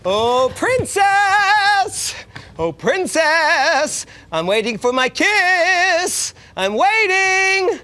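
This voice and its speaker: A woman playing an eager, pushy male frog in a well in a live children's show, breaking into croaks and ribbits mid-sentence. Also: extremely high pitch, big pitch swings, very slow, sharp tone, full character voice. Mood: pleading.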